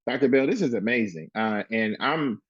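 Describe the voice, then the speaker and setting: A man hosting an interview, enthusiastic but halting, with frequent restarts. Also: mid-range voice, animated, slightly rough, no echo. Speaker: podcast host. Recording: dry, slightly dull sound.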